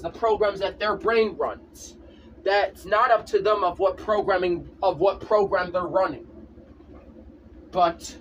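High-voiced man ranting insistently. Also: far from the mic, slight background noise. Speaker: vlogger. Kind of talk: casual rant to camera.

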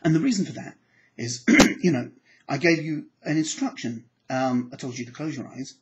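A man explains psychology straight to camera in a mid-range voice. He is animated and keeps acting out his examples with sudden leaps in pitch. The recording sounds a little dull and lo-fi. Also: moderate pace, heavy background noise. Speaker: applied psychology teacher. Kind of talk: lecture to camera.

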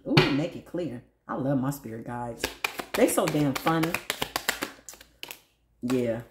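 Animated woman reading tarot, echoey room. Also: slow pace, pauses often, very noisy. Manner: animated, laughing often, big pitch swings, talks to spirit and viewers. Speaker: tarot reader.

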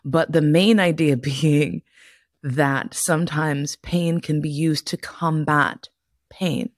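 A woman's voice: low-pitched, steady tone, slow, no echo, studio quality. A middle-aged woman hosting a podcast, telling stories casually, swearing freely and breaking into laughter. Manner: profane, laughs often while telling stories. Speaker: podcast host. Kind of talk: casual storytelling monologue.

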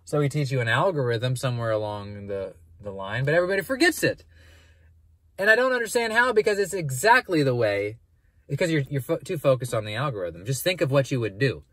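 A man's voice: mid-range voice, fairly quick, no echo. A man who is a math teacher explaining averages in a casual, conversational lesson, often rephrasing and breaking off mid-sentence. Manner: conversational, animated, self-interrupting.

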